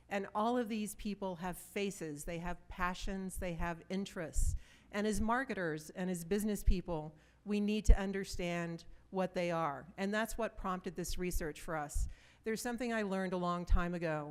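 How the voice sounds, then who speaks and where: A woman in her fifties speaks from a conference stage to a live audience. Her voice is smooth and clear, sitting at an ordinary middle pitch. She talks in an easy, conversational way, mixing stories with direct questions to the listeners.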